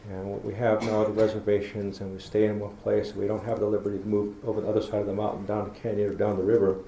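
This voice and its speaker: A middle-aged man gives a folksy storytelling lecture, his voice gravelly and mellow. He speaks in a roomy lecture hall, and a faint hiss sits under the recording. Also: fairly low pitch, flat delivery, quick pace. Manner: storytelling, folksy, acts out talking to kids. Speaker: public lecturer. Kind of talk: public talk.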